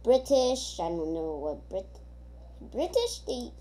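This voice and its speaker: A woman's voice: on the high side, very animated, slow pace, warm tone. A woman giving casual gameplay commentary, rambling and thinking aloud with many hesitations. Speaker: gamer.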